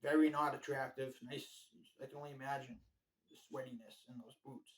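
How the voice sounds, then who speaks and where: A man's voice: mid-range voice, fairly even intonation, normal speed, low-quality recording. A man giving a blunt, profane, rambling monologue ranking jail officers, full of filler phrases. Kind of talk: casual ranting monologue.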